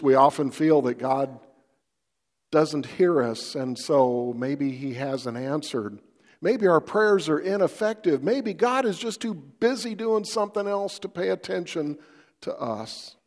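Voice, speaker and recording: A man's voice: medium pitch, a little mellow, long reverb tail. A pastor, a man, giving a folksy, conversational devotional sermon and often putting questions to the listener.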